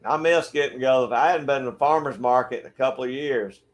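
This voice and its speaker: A livestream host, middle-aged and from Georgia, USA, talks at a quick pace in a medium-pitched Southern-accented voice. He's laid-back and friendly, reading viewer comments and greeting people by name during relaxed chat from his backyard shed.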